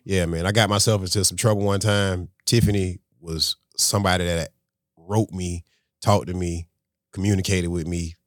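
A man, a restaurant owner and podcast guest, telling a story in a casual, animated way and acting out conversations. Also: sits low, moderate pace, no room sound, studio quality.

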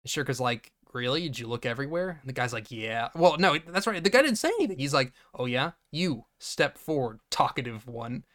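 A man's voice: mid-range voice, moderate pace, few pauses. A man co-hosting a podcast, casually recapping a movie and acting out its characters' lines with frequent laughter. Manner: animated retelling, acting out lines, laughing often. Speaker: podcast co-host.

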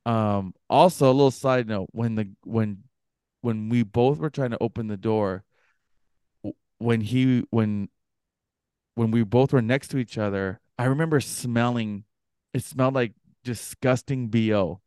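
A young man co-hosting a podcast, telling a story casually and acting out the other people's voices with big jumps in pitch. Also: unhurried, clean tone, no echo, clean studio sound. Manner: animated, acts out quoted voices with pitch jumps. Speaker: podcast co-host.

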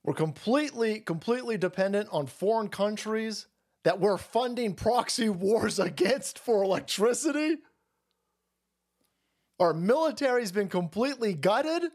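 A man hosting a livestream, delivering a profane, rambling rant in fast bursts of casual commentary. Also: high-pitched, animated, a little mellow. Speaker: streamer host.

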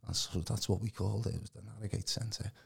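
Man, low gravelly husky voice, lively casual testimony. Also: quick pace. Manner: animated, acts out quoted voices, calls the host mate. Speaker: guest giving testimony. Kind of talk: casual storytelling.

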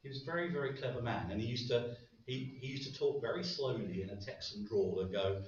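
A man's voice: medium pitch, quick pace. A man preaching a sermon in a light-hearted way, with joking asides. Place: large echoey church hall. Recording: very echoey, distant, dull hall recording.

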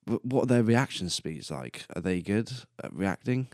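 Young man, 20s, solo podcast host: very deep voice, dry close-mic sound, rambling and self-amused. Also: lively intonation, normal speed, a little mellow, no room sound. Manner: rambling and self-amused, laughing at his own jokes. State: coughing and burping now and then. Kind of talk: casual solo podcast monologue.

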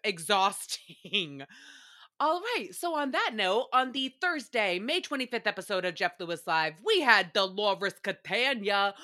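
Bright, chatty woman podcast host. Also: a little high. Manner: chatty, animated, swearing and laughing. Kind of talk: solo recap podcast.

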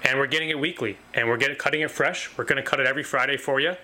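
Bright, eager-sounding butcher shop owner. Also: male voice, mid-range voice, steady tone, rapid-fire. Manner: enthusiastic, repetitive, many restarts. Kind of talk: casual interview talk.

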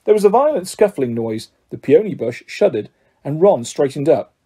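A man reading a children's story aloud as narrator, in an expressive, animated way. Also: a little high, normal speed, slightly rough. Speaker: audiobook narrator. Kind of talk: scripted narration.

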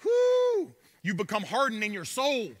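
A man preaching a sermon, dropping to soft murmurs and rising to shouted peaks, calling out to his congregation. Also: extremely high pitch, wildly swooping pitch, unhurried, husky, no room sound. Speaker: pastor.

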